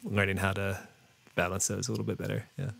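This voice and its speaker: Low gravelly man, rambling chat. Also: flat delivery, quick pace, a bit bright, no room sound. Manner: rambling, hesitant, many fillers and restarts, laughs often. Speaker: podcast guest. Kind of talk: casual interview chat.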